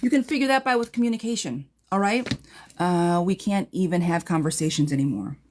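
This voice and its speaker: A woman's voice: on the low side, brisk, darkish tone. A woman tarot reader in a casual live-stream replay, answering viewers' questions in a blunt, chatty way and calling them girl and friend.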